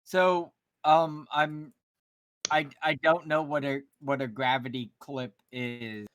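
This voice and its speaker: A man's voice: a little high, steady tone, slow, fairly bright tone, slight background noise. A man playing a tabletop game, asking hesitant, stammering questions about the rules. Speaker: player.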